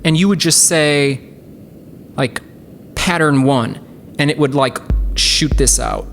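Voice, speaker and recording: Low-voiced woman hosting a chatty tutorial. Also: takes it slowly, a little hiss or hum. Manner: chatty and enthusiastic, many fillers. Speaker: host. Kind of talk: casual tutorial demonstration.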